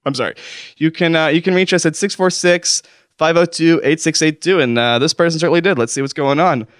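A man's voice: on the high side, fairly quick, clean tone, no room sound, studio quality. A man hosting a comedy call-in show, rambling through his announcements, flustered and constantly correcting himself. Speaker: host. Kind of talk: improvised comedy monologue.

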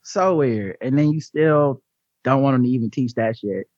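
A man's voice: mid-range voice, normal speed, a little mellow, dry recording, lo-fi sound. A man hosting a podcast in casual comedic chat, riffing, mimicking voices and swearing freely. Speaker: podcast host.

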